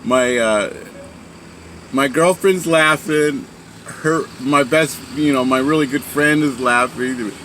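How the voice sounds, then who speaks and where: A man's voice: medium pitch, slow, sharp tone, slight background noise. A man casually telling a story about a sailing trip, rambling with many fillers and restarts. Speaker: speaker sharing a story.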